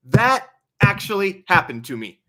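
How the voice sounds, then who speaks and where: A man's voice: sits high, very animated, unhurried, fairly bright tone. A young man hosting a casual livestream Q&A, reading donations aloud and chatting with a laugh in his stories. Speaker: livestream host.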